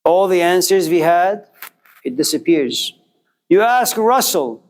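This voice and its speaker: A male lecturer tells a story to his listeners in a loose, conversational way, turning to address them directly. His voice sits a bit on the high side for a man. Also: lively intonation, slow. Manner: acts out quoted characters with jumps in pitch.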